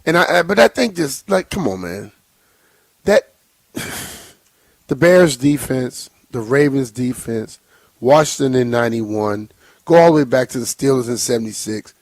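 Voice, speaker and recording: A man's voice: mid-range voice, lively intonation, a little slow, dry recording. A man co-hosting a sports radio show, bantering bluntly and teasing his partner. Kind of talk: casual sports radio talk. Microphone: studio microphone.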